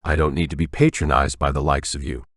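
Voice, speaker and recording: A prickly old navy veteran in his nineties snaps at the intruders in his house, as a man reads him aloud. The voice sits extremely low. The sound is dry and close, with no room around it. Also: little pitch movement, fast talker, gravelly, dry recording, exaggerated voice. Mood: grumbling. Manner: crotchety, prickly.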